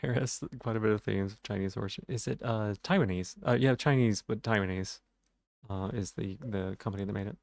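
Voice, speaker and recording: A man's voice: fairly low pitch, a little fast, gravelly, darkish tone, no room sound. A man streaming a game live, chatting casually with his viewers in a rambling, self-deprecating way, and stuttering on some words.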